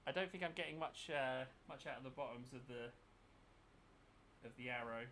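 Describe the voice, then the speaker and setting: Bright-voiced man muttering while painting. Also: mid-range voice, moderate pace, a little hiss or hum. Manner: thinks aloud, mutters while working. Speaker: miniature painting channel host. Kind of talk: casual chat while painting.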